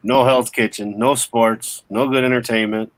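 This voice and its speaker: A man's voice: medium pitch, fairly even intonation, moderate pace, poor audio. A man in casual chat, cracking crude jokes. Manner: joking, crude banter.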